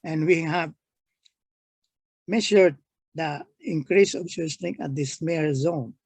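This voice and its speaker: An older man giving a halting technical engineering lecture, walking through slides step by step. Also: a little high, darkish tone, husky, dry recording. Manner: slow, halting, pointing at slides.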